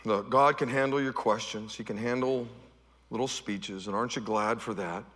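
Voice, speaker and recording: A middle-aged male pastor preaching a sermon, swinging from loud, high-pitched repeated refrains down to soft, low tones. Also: moderate pace, big-room sound.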